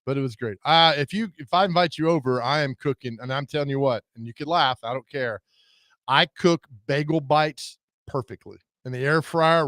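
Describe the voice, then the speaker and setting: A man's voice: medium pitch, fairly bright tone, no room sound, studio quality. A man co-hosting a radio show, teasing his colleagues and bantering playfully. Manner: playful teasing, laughs easily. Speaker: radio co-host. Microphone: studio mic.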